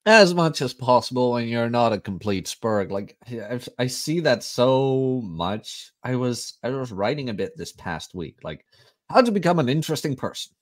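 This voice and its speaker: A man's voice: medium pitch, lively intonation, normal speed. A man co-hosting a casual livestream chat, joking and laughing easily. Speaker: podcast co-host.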